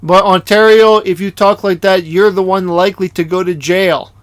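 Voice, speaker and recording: A man's voice: sits high, fairly even intonation, moderate pace, clear, resonant tone, no room sound. A man giving indignant opinion commentary over a video he is playing, emphatic and prone to repeating words. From Canada.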